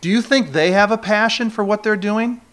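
At a moderate pace, a New York State preacher delivers his sermon in a high-sitting, fairly bright voice. His style is conversational, and he often poses rhetorical questions to the people in the pews.

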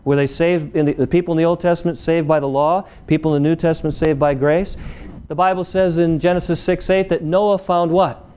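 Man, preacher, sermon, emphatic, rhetorical questions, smooth resonant tone. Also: a little high, fairly even intonation, fairly quick, dark tone. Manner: asks the congregation rhetorical questions; emphatic, repeats key phrases.

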